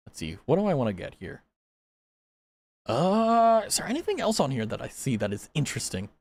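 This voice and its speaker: A man's voice: medium pitch, very animated, brisk, gravelly, darkish tone, dry recording. Playful male game streamer with a sing-song, up-and-down delivery and frequent giggles. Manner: playful, giggly, reads menu items aloud. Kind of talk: casual gameplay commentary.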